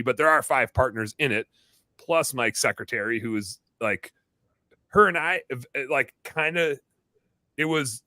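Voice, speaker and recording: A male podcast host rambling through a story in a casual chat with lots of asides. His voice is forceful and bright, and it sounds close and dry with no room sound. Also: mid-range voice, no echo. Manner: rambling, chatty, full of asides and restarts.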